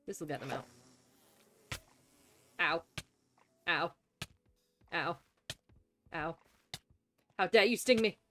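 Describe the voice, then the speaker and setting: A woman hosts a live gameplay stream, her pitch swinging up and down constantly as she chats warmly, greeting and thanking viewers and coaxing things along in the game. Her words are animated and drawn out, broken by long pauses. Soft music plays faintly in the background.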